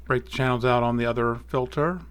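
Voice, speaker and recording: A man hosting an astrophotography tutorial, talking casually through software steps and correcting small slips as he goes. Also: medium pitch, brisk, smooth. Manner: relaxed, thinking aloud with small slips and self-corrections. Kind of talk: casual screen-recorded software walkthrough.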